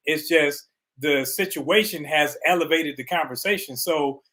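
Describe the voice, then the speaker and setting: Mid-pitched man, passionate and animated in a casual talk. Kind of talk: casual discussion.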